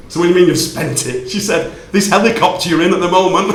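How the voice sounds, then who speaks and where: Animated storytelling man in a roomy hall. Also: sits high, normal speed, slight background noise. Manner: animated, playful storytelling with quoted dialogue. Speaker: speaker giving a talk. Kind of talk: storytelling talk to an audience.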